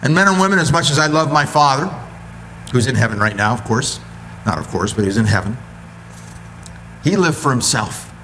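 A man preaching a sermon with animated storytelling, acting out voices. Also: mid-range voice, a little hiss or hum.

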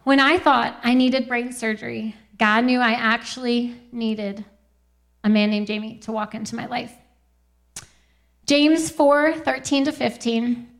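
A young woman giving a Christian testimony talk, earnest and quick to laugh, often quoting scripture. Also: on the high side, fairly even intonation.

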